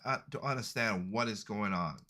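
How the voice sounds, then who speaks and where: A man's voice: on the low side, normal speed, sharp tone. A man hosting a casual podcast, commenting on video clips in an emphatic, repetitive way. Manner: emphatic, repeats his points. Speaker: podcast host.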